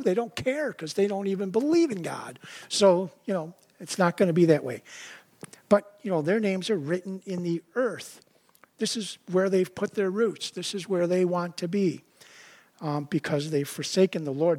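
A man preaching a sermon in a high voice, relaxed and conversational. He keeps checking in with "right?" and "you know", and acts out quoted voices with sudden rises in pitch. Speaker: pastor.

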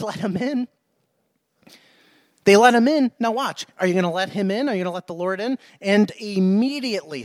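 High-voiced pastor preaching with emphasis. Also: male voice, no room sound. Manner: emphatic, repeats himself, asks the congregation questions. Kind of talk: sermon. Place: church.

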